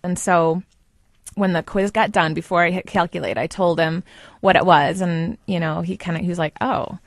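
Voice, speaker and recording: A woman telling her story as an interview guest, animated and quick to laugh. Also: fairly low pitch, dry recording, clean studio sound. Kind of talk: personal interview recollection.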